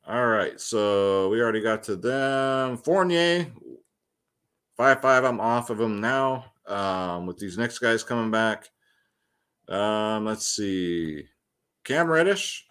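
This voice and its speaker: This young host of a fantasy sports picks show has a lowish voice with a fairly bright tone. He rambles through a casual picks breakdown, loose and slangy, dropping plenty of ums and asides.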